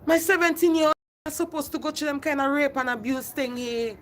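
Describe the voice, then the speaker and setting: Her voice high-pitched and steady, a middle-aged livestream host speaks fairly quickly over a little hiss or hum. She rants impassionedly on her phone stream, going over the same points and addressing viewers by name.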